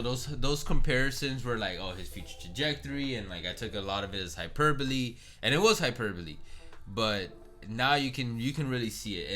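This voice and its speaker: Low, bright-toned man analyzing basketball. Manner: earnest, analytical, hedging. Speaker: podcast co-host. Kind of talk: casual sports chat.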